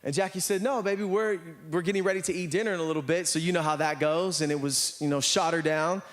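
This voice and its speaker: A man's voice: on the high side, quick pace. An American man preaching a sermon to a church, telling stories and acting out the voices of the people in them. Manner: animated storytelling, acts out voices. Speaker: pastor.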